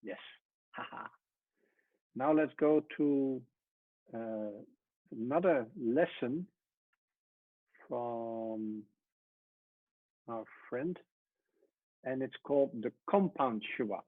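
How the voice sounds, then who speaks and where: A man teaching a Hebrew lesson at a whiteboard, explaining step by step and often trailing off softly. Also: medium pitch, very slow, long pauses, no room sound. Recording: tinny phone-like sound.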